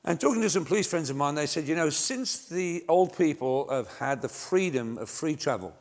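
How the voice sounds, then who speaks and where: An older man delivers a humorous sermon to a church congregation. His voice sits a little high and swings widely in pitch as he spins self-mocking anecdotes. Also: expressive, normal speed. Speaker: pastor. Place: large church before a congregation.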